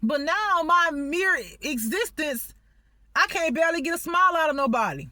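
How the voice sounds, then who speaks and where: High-voiced woman, off-the-cuff vlog rant, rambling, agitated, profane, pleading. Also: animated, normal speed, sharp tone, no room sound. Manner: rambling, agitated, swears often; pleading, exasperated outbursts. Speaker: spiritual vlogger. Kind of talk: unscripted venting monologue.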